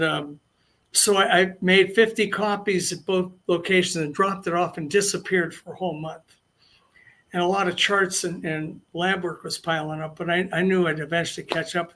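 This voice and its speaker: A man's voice: high voice, sharp tone, slight background noise. An older man telling long anecdotes as an interview guest, rambling and restarting his sentences. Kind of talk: casual storytelling interview.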